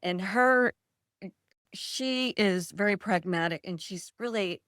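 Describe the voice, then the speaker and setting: A woman's voice: medium pitch, slow pace, fairly bright tone, no room sound. Chatty woman author, dry close sound. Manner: chatty, laughs often, rambling storyteller. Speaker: author guest. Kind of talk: casual interview chat.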